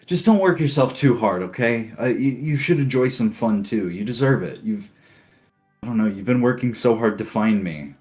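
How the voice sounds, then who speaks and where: A man's voice: medium pitch, animated, moderate pace, a little mellow, soft background music, close to an everyday voice. A man voicing an antsy, caring young woman companion who talks hesitantly and stammers in a tabletop game. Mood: pleading.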